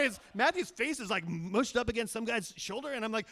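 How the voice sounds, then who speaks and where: High-voiced man telling a story onstage. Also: quick pace, few pauses. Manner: animated, swings from hushed to loud excited telling. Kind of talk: live storytelling performance. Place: live stage before an audience.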